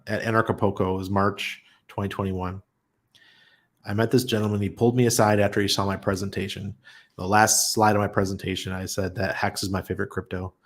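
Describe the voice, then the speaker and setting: Middle-aged man, fairly low voice, casual livestream host, chatty storyteller, laughs easily. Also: vocal fry. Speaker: host of a crypto channel.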